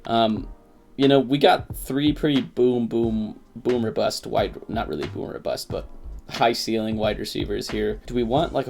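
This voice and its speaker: A man giving casual, excitable commentary on his fantasy football draft, who swears at picks. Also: mid-range voice, vocal fry. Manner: says he slipped into a put-on accent.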